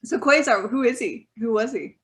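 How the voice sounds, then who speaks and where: A woman's voice: fairly high pitch, normal speed, a bit bright. Playful teasing woman podcast host. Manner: playful, teasing, laughs easily. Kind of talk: casual chat.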